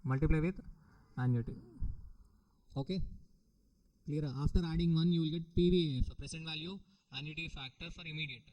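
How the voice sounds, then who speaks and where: A man's voice: a little high, a little fast, long pauses, darkish tone, rough recording. A middle-aged man with an Indian English accent, teaching a recorded exam-prep lecture, repeating points and often checking with the students. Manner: repetitive, questioning the students often.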